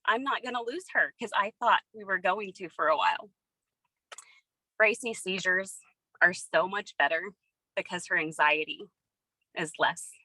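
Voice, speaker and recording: A woman's voice: lowish voice, steady tone, a little slow, pauses often, pushed and bright, dry recording, poor audio. A woman giving an earnest, emotional personal testimony over a video call. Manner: earnest, tearful, storytelling. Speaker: testimony speaker.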